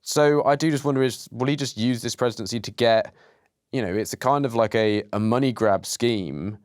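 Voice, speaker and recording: Man, podcast host, flat dry delivery, close dead-sounding mic. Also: medium pitch, moderate pace, clean tone, no echo. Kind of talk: casual podcast chat.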